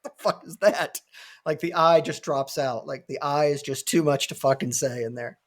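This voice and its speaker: A man hosting a podcast in casual chat, telling lively stories, swearing freely and laughing often. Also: fairly high pitch, moderate pace. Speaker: podcast host.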